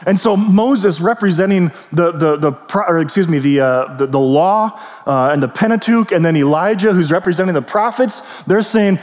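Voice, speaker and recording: Guy preaching, laid back storyteller vibe, voice a bit high, big echoey hall. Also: a little mellow. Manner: casual, storytelling with quick asides and rhetorical questions. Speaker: pastor. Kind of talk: conversational sermon. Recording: long reverb of a large hall.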